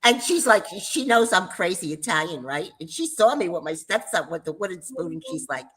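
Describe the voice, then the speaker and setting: An older woman co-hosting a casual chat, telling animated stories and laughing often. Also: on the low side, brisk, breathy edge, low-quality recording. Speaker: co-host.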